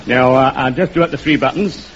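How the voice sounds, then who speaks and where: An actor playing a chatty, teasing tailor in a 1950s radio comedy. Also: male voice, medium pitch, a little fast, a loud crowd, close to an everyday voice. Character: chirpy London tailor, grown man. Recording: hissy, muffled old radio recording.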